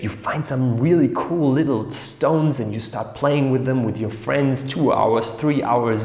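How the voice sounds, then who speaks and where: A man hosting an educational series, explaining ideas in a casual, animated way and acting out little scenes in different voices. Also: medium pitch. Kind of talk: casual explainer talk to camera. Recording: echoey room with long reverb.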